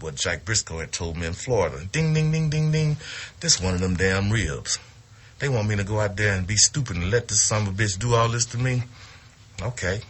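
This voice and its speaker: Male storyteller, low register, foul-mouthed and animated, casual anecdote. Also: slightly rough. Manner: profane, animated, acts out quotes. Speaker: retired wrestler telling a story.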